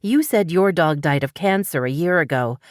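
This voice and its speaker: A woman voicing a determined woman who speaks tensely and forcefully while protecting her dog and a boy, in an audiobook. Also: sits low, animated, normal speed, no echo, clean studio sound.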